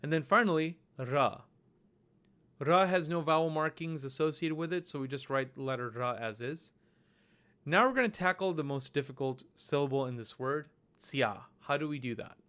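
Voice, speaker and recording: A man narrating a recorded lesson over slides, explaining each step slowly and patiently. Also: fairly high pitch, fairly bright tone, clean tone. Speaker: language teacher.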